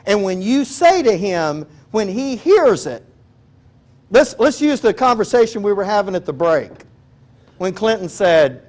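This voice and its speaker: Male preacher, high voice, folksy sermon delivery, animated storytelling. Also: unhurried, long pauses. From Texas. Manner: folksy, animated, acts out quoted prayers. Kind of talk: conversational sermon.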